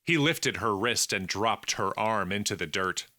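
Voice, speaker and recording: Man reading a novel slowly, bright and dry. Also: fairly low pitch, no room sound. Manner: measured, deliberate reading. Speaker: audiobook narrator. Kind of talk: scripted narration.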